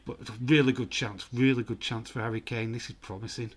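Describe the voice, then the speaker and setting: A man's voice: mid-range voice, brisk. Chatty man commenting football. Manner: chatty, excitable, reads viewer comments aloud. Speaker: host of a live football watch-along. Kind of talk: casual live match commentary.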